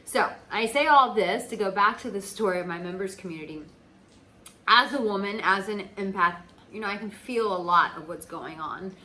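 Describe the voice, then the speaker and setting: In a casual talk to camera, an American dating coach speaks emphatically to her audience, freely profane and leaning heavily on "like." Her medium-pitched voice sounds pushed and bright, moves at normal speed, and comes through a rough recording.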